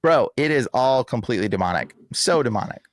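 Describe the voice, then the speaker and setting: A man talking in a casual podcast interview, emphatic and animated, full of slang like "bro" and "like". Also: medium pitch, brisk, dry recording, studio quality. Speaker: exorcist guest.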